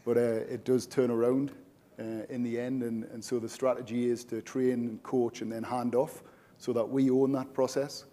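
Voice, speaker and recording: A man's voice: medium pitch, flat delivery, moderate pace, dark tone. A man, a general manager, giving an informal conference presentation, chatty with frequent filler words.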